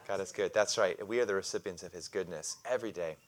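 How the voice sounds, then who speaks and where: A man's voice: sits low, quick pace. A man preaching a sermon, calling out to the congregation for responses and explaining scripture in a loose conversational way with light humor. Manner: call-and-response with congregation, animated emphasis. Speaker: pastor.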